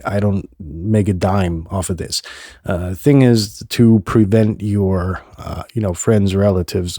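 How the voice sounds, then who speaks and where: Low gravelly guy hosting his podcast, rambly and blunt, dark mellow tone. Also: no echo, clean studio sound. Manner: rambling, many filler sounds, blunt and profane. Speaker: podcast host. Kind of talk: casual solo podcast monologue.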